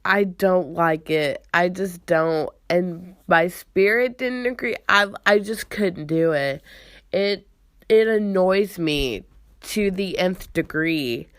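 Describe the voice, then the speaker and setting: A young woman hosting a casual podcast chat, sounding congested from a cold, with drawn-out, sarcastic, exasperated delivery. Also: on the low side, no room sound, clean studio sound. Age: young adult. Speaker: podcast host.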